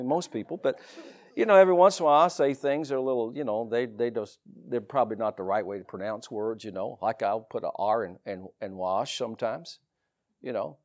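A man with a Southern US accent preaching a sermon in a folksy, animated way, with laughs and asides. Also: medium pitch, a little fast. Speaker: pastor.

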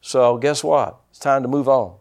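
Gravelly, blunt middle-aged preacher man. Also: medium pitch, steady tone, moderate pace, a little mellow. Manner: folksy, blunt preaching with quoted asides. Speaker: pastor. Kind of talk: sermon.

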